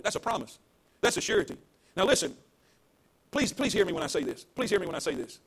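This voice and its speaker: A man's voice: sits high, big pitch swings, fast talker, vocal fry, long pauses, slightly rough. A man preaching an emphatic, repetitive sermon to people at home. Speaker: pastor.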